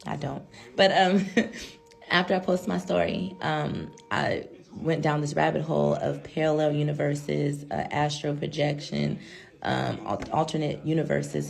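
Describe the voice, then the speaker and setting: A woman's voice: sits low, gravelly. A woman vlogger telling a story to her viewers in a chatty, slangy, casual way, calling them girl and child.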